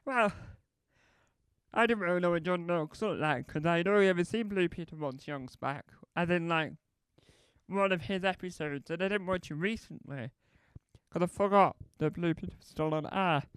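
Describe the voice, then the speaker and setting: High, smooth-voiced man telling rambling stand-up. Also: moderate pace, a bit bright, dry recording. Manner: meandering, self-correcting, acts out both sides of conversations. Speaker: stand-up comedian.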